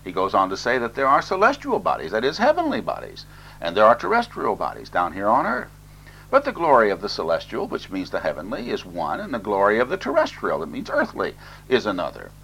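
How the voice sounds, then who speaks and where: A man's voice: lowish voice, wildly swooping pitch, fairly quick, gravelly, fairly bright tone, a little hiss or hum, poor audio. A man preaching an expository sermon, reading scripture aloud and then explaining it plainly, with fillers.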